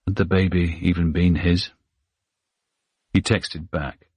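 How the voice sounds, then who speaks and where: Deep, husky male audiobook narrator. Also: unhurried, dry recording, studio quality. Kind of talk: scripted narration.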